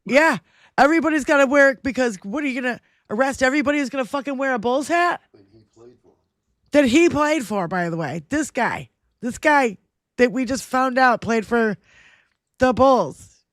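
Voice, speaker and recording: A woman's voice: sits high, lively intonation, moderate pace, dry recording, clean studio sound. A woman hosting a casual political livestream, ranting emphatically and swearing freely. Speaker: livestream show host.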